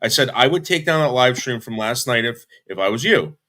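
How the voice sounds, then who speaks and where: Livestream host, man, lively pitch, insistent, keeps cutting in. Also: a little fast, no echo, studio quality. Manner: insistent, keeps trying to cut in. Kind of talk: heated livestream argument.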